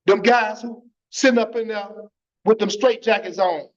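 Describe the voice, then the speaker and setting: Man, high voice, preaching his testimony with fervor, keeps saying "man"; muffled church stream audio. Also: normal speed. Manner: fervent, repeats phrases, tags lines with "man".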